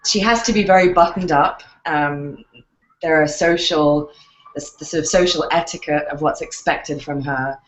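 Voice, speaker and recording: A woman's voice: low voice, normal speed, low-quality recording. A woman with an English accent, answering interview questions thoughtfully, with frequent fillers and restarts. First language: English accent in real speech. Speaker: actress interviewed as guest.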